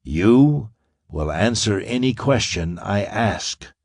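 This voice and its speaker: A man's voice: lowish voice, expressive, slow, a little mellow, husky, no room sound, studio quality, full character voice. A man voicing a confident young space hero in an audiobook, wry, clipped and commanding.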